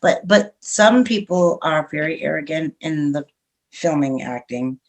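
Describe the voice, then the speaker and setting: A woman's voice: deep voice, animated, measured pace. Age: middle-aged. Sex: woman. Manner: frank and chatty. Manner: frank, talkative, laughs often. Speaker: radio show host, guest. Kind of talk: casual interview chat.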